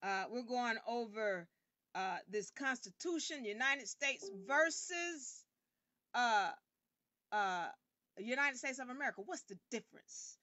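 A woman hosting an online game show livestream. She talks emphatically and sometimes bursts out loudly. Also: a little high, unhurried, no room sound. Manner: animated and emphatic, bursts into loud outbursts. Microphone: camera rig.

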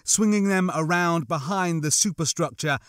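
A man reading a science fiction novel aloud as an audiobook narrator, telling the story with lively, shifting character voices. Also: fairly high pitch, moderate pace, no echo, clean studio sound. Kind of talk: scripted narration.

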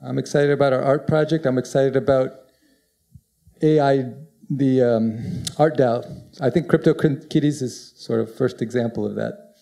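Panelist, male, gravelly, dark tone, hesitant delivery. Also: medium pitch, steady tone. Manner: hesitant, halting, many restarts. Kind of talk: conference panel discussion.

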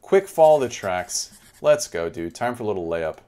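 A man's voice: lowish voice, moderate pace. A young man giving chatty live game commentary, talking to his chat as he plays. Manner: chatty, animated, talks to chat. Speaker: streamer.

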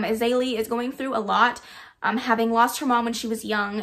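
A woman's voice: on the high side, fairly bright tone. A woman book vlogger giving casual, enthusiastic audiobook recommendations, with frequent ums. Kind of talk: casual book review vlog.

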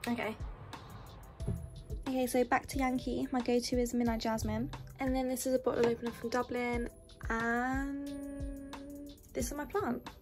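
Young woman, casual room-tour vlogger, even delivery, music bed behind. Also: on the high side, normal speed, long pauses. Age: young adult. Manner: chatty, listing items as she goes. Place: student bedroom in university housing. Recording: music playing under the voice.

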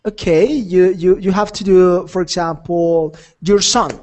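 A man's voice: high-pitched, fairly even intonation, measured pace, darkish tone. A man teaching an English conversation class, encouraging and repetitive, laughing often.

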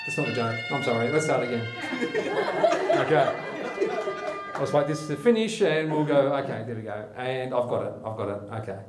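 A man's voice: medium pitch, lively intonation, over loud music. A man hosting a joke show, telling a joke with many hesitant fillers. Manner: hesitant, frequent uh fillers, bursts of quick talk. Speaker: host. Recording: echoey room with background noise.

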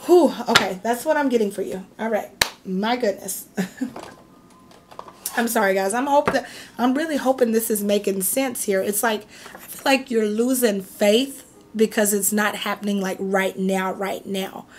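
A woman's voice: medium pitch, steady tone, moderate pace, slight background noise. A woman doing a casual tarot reading, chatty and reassuring, who keeps checking in with "okay?" and "right?". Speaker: tarot reader.

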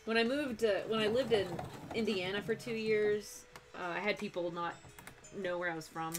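A young woman with a faint Texan twang talks casually as she works on a sewing project, her thoughts wandering and doubling back. Her pitch sits in a middle range, and soft music plays quietly behind her. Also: steady tone, normal speed. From Texas. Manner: chatty, rambling, self-interrupting with laughs. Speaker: cosplay streamer. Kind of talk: casual live-stream chat while sewing.

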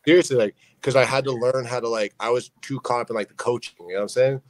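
A man's voice: mid-range voice, fairly even intonation, quick pace, no room sound, low-quality recording. A young man speaking as a podcast guest, telling his story earnestly and padding it with fillers like "you know what I mean.". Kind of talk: candid storytelling interview.

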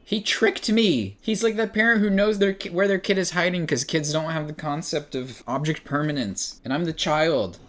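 A young man streaming a horror game, commenting in an exasperated way and breaking into shouts and laughs. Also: a little high, moderate pace, hardly any pauses. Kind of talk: frustrated gameplay commentary.

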